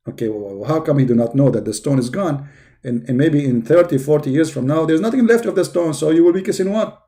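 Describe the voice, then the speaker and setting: Sarcastic male host with a mellow voice. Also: mid-range voice. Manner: sarcastic, with slow, drawn-out questions. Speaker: video host. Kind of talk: mocking commentary with a comic skit.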